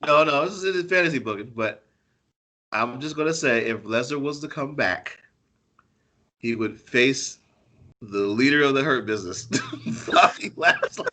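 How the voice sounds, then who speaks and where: A man with a bright, forceful voice co-hosts a relaxed podcast chat. He argues his points and laughs his way through them, his pitch sitting in the middle. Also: normal speed, long pauses. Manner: playful, laughs while arguing his point. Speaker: podcast co-host. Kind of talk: casual wrestling chat.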